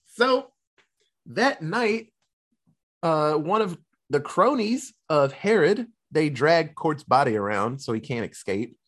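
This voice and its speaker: Male co-host, casual film recap, expressive and husky, slips into character voices. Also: fairly high pitch. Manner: animated storytelling, quick voice switches for characters, laughs often. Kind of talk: casual movie recap chat.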